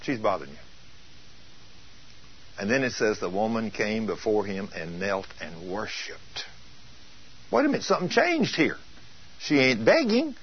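Husky-voiced man preaching emphatically. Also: lowish voice, big pitch swings, moderate pace. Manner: emphatic, asks rhetorical questions. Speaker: preacher teaching on healing. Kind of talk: sermon. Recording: dull lo-fi taped teaching.

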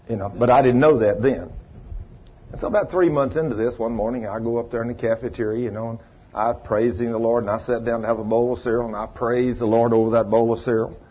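A man preaching, telling a testimony story in a folksy, animated way and acting out the voices he quotes. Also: medium pitch, slightly rough. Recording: dull lo-fi sermon recording.

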